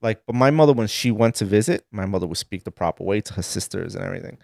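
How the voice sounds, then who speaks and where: Brief: low-voiced Sicilian-born man, podcast guest, lively and indignant storyteller, dry close mic. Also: fast talker, vocal fry, no echo. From Sicily, Italy. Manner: animated storytelling, rising to indignant emphasis. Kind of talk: casual chat. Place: podcast studio.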